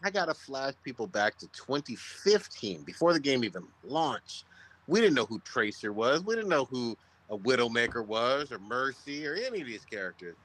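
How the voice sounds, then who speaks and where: A man co-hosting a casual chat, telling crude stories in an emphatic, animated way. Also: medium pitch, moderate pace, rough recording. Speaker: podcast co-host.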